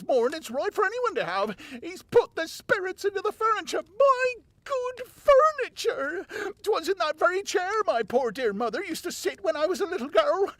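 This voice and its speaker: A man voicing a frantic, superstitious village innkeeper's wife in an audiobook, with shrill, rustic country speech. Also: fairly bright tone, dry recording, full character voice. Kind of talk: audiobook character voice.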